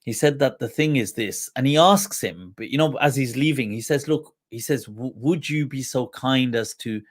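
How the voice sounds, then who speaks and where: A man hosting a livestream who tells an old story with quoted dialogue, reciting Arabic quickly before translating it, mixing in Urdu phrases and laughing along the way. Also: medium pitch. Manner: mixes Urdu phrases into English. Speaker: livestream host and mufti.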